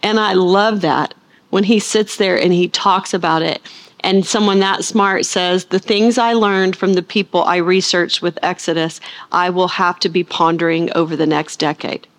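A middle-aged woman from the United States, a Bible teacher chatting to her audience before the sermon, rambling and animated with playful asides. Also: lowish voice, normal speed.

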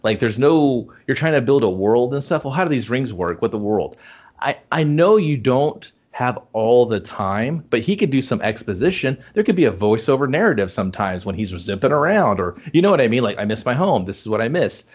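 A man's voice: mid-range voice, big pitch swings, a little fast, dull audio. A man in casual chat reviewing a movie, rambling and profane, acting out scenes. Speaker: podcast co-host reviewing a movie.

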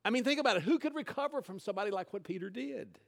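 A man's voice: high voice, expressive, very fast, gravelly, a bit bright. A man preaching a sermon, retelling a scripture story in casual, conversational words. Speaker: pastor.

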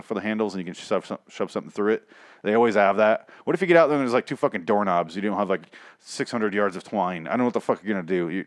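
A man's voice: lowish voice, dry recording, clean studio sound. Sarcastic, rambling man recapping episodes. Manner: sarcastic, rambling, heavy swearing. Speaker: show reviewer. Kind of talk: casual profane episode recap.

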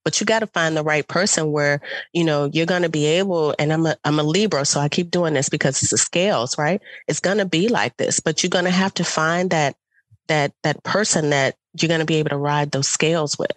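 A woman's voice: low-pitched, brisk, no echo. A woman relationship coach chatting casually as a podcast guest, laughing easily and repeating words, a little under the weather. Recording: video call.

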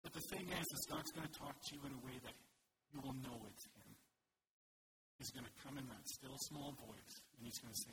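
A man's voice: medium pitch, fairly quick. A man giving an informal, upbeat sermon and prayer to his church. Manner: conversational, folksy, upbeat and encouraging. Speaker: pastor. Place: church service. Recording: loud background noise.

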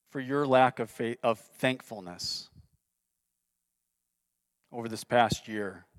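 A man's voice: medium pitch, slow pace, long pauses, no room sound. A man preaching a sermon in an earnest way, reading scripture aloud with rising intensity. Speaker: pastor.

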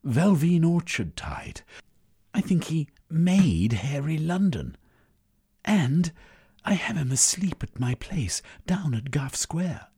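Storybook gentleman played by a man, raised and eager, scheming with urgency. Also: a little high, very animated, slow, husky, pitched above the performer's own voice, exaggerated voice. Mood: excited.

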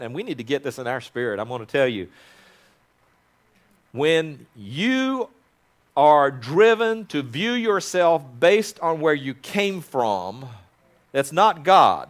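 Preaching man swinging from loud to soft. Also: fairly high pitch, sing-song, slow pace. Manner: dynamic swings from loud prayer to soft intimate asides; calls congregation to repeat after him. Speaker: pastor. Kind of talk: sermon with prayer.

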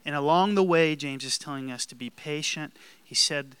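A man's voice: fairly high pitch, moderate pace, fairly bright tone, clean tone, no echo. A male pastor preaching a sermon in a conversational way, checking in with the congregation. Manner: conversational, asks the congregation questions.

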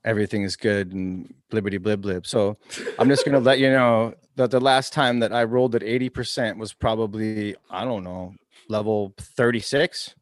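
A man's voice: on the low side, fairly even intonation, normal speed, no echo. Dry, sarcastic man on a podcast. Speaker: podcast co-host. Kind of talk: casual chat.

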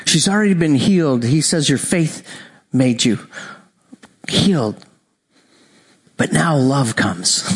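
A man preaching a sermon, telling the story with animated acted-out voices and frequent laughter. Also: a little high, takes it slowly, pauses often, a little hiss or hum.

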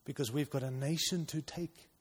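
A male pastor preaching a sermon to his church, urging loudly at times and dropping to quiet intensity at others. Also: a little high, steady tone, moderate pace, husky. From outside the United States. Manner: impassioned, swings between loud urging and quiet intensity. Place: church hall. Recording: long reverb of a large hall.

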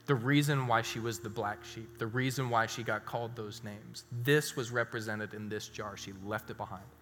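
A male pastor preaching in a church auditorium, his low, forceful voice ringing through a long hall reverb. Faint music plays beneath him. He tells a story, then drops suddenly into a hushed, emphatic tone. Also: fairly even intonation, moderate pace, slight background noise. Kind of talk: sermon.

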